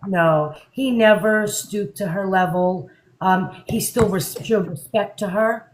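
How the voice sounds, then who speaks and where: A woman's voice: mid-range voice, takes it slowly, slight background noise, rough recording. A woman hosting a live stream, chatting casually and speaking her mind. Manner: outspoken, chatty.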